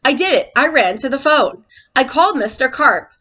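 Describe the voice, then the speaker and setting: A woman teacher reads a picture book to children and keeps stopping to quiz them. Her voice is high and bright, with a very lively pitch. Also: normal speed. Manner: animated, asks the children questions.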